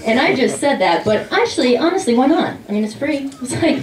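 A young woman performs a stand-up set on a comedy club stage, swinging her fairly high voice up and down as she acts out her family. The sound is roomy and picked up from some distance, like a club show. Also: brisk, hardly any pauses, a little hiss or hum. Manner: animated storytelling, voices her mother and dad.

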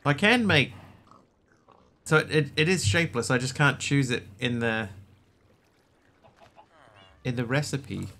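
A man's voice: medium pitch, lively intonation, a little slow, pauses often, sharp tone. A man casually chatting and joking while he streams a building game. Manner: rambling, jokey, mock-pretentious pronunciations. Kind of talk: casual gameplay commentary.

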